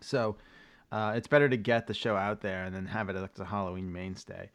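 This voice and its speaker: A man's voice: fairly low pitch, fairly even intonation, a little fast. A man co-hosting a podcast, rambling casually through a recap with loose swearing. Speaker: podcast co-host. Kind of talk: casual chat.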